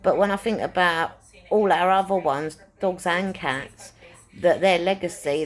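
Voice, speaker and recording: Woman, slightly low-pitched, casual rambling chat, repeats herself for emphasis. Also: takes it slowly. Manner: chatty, repeats phrases for emphasis, many fillers. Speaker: pet owner and animal rescuer.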